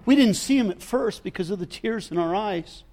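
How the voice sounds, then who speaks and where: A man voicing a breathless male traveler, rushing to tell his news loudly. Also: sits high, lively intonation. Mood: breathless excited. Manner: loud, rushed storytelling.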